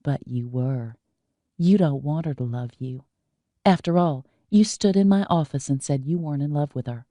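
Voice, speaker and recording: A woman voicing a blunt young woman who prods pointedly and slowly in an audiobook. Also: low voice, warm tone, no echo, natural voice. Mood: prodding. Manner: pointed, slow, prodding.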